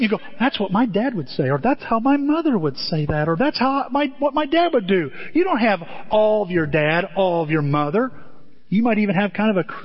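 In a church auditorium, a middle-aged man delivers a sermon as pastor, his storytelling animated by sudden pitch leaps and quick asides. The recording comes across dull, with the hall's reverberation around it.

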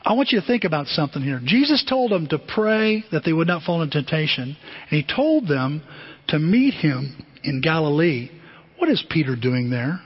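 A middle-aged man preaching a sermon as pastor, animated and conversational, often asking the congregation questions. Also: a little high, moderate pace, breathy edge. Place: church sanctuary. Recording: dull, muffled sermon recording with long hall reverb.

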